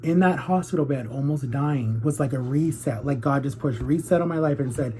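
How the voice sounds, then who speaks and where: A man's voice: mid-range voice, fairly quick, few pauses, mellow, a little hiss or hum. A man of thirty speaking candidly and earnestly to viewers in a heartfelt confessional vlog. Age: 30s. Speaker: YouTuber.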